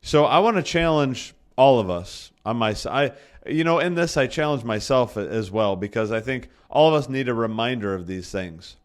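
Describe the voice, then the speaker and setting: A man's voice: medium pitch, lively intonation, normal speed, hardly any pauses. Conversational man preaching a sermon. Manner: conversational preaching that restates points for emphasis; frequent self-corrections and restarts. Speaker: pastor.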